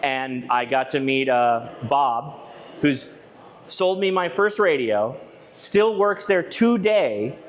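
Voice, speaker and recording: A man speaking at an ordinary mid pitch gives a presentation at a club meeting. He talks in a loose, chatty storytelling way, restarting sentences and tossing asides to the listeners. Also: animated, slow. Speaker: ham radio channel presenter giving a club talk. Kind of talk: conversational presentation to a live audience. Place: club meeting room with a live audience.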